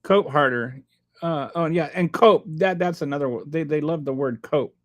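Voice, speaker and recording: High-voiced male streamer, sarcastic, rambling political commentary. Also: moderate pace. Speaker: livestream host reading chat.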